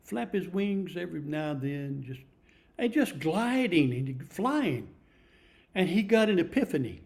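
A man's voice: on the high side, very animated, a little slow, gravelly, darkish tone. Folksy preacher in his seventies. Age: 70s. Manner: folksy, repetitive, emphatic. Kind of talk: storytelling sermon.

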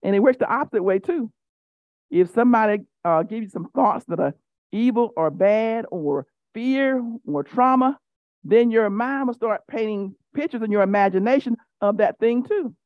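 A woman's voice: a little high, expressive, normal speed, dry recording, highs cut off. A woman giving a sermon as a Bible teacher, emphatic and repetitive, teasing her listeners directly. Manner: emphatic, repeats key phrases.

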